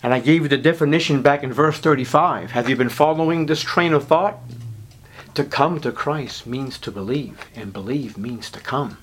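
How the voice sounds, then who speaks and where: A man preaching a sermon, swinging between low murmurs and high, emphatic declarations and stretching out words for emphasis. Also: moderate pace. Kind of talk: evangelical sermon.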